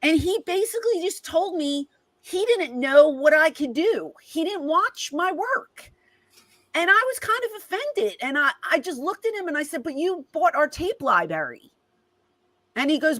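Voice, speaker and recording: A middle-aged woman tells stories as an interview guest, and she acts out whole conversations as she goes. Her voice sits a little high for a woman. The sound is dry and close, with almost no room around it. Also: moderate pace, dry recording, rough recording. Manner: animated, reenacts conversations with quoted voices. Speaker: guest, former wrestling personality. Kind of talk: casual storytelling in an interview.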